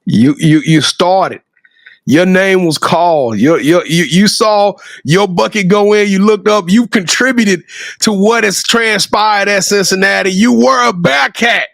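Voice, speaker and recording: A male host with a high, gravelly voice who hypes up his guest. His questions go sing-song and then break into shouts. The sound is close and dry. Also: measured pace, no echo. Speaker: podcast host. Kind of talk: hype interview questions.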